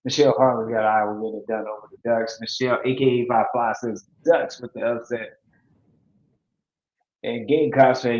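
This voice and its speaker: A man's voice: medium pitch, fairly even intonation, normal speed, a little mellow. Male sports-talk host, playful and rambling, reads viewer picks; roomy, muffled recording. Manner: loose, playful, repeats words and trails off. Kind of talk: casual live sports chat, reading viewer picks. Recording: echoey, dull lo-fi sound.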